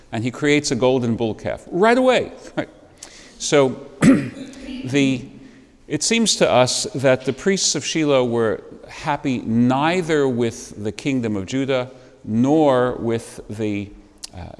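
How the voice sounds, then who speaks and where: A man leads an adult Bible class in a church, speaking at a middle pitch in a chatty, lecturing way. He drops wry asides with a chuckle and puts questions to the class. His voice carries a long reverb from the church room. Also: expressive, slow.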